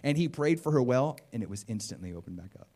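A male preacher delivering a sermon in a lively, chatty way. He talks to the congregation like a friend and often acts out the voices of the people in his stories. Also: medium pitch, fast talker. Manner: animated and conversational, acts out quotes.

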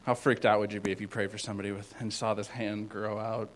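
A man giving an informal sermon as a youth pastor, rambling with many fillers and swinging between loud and hushed. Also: on the low side, level tone, quick pace, poor audio.

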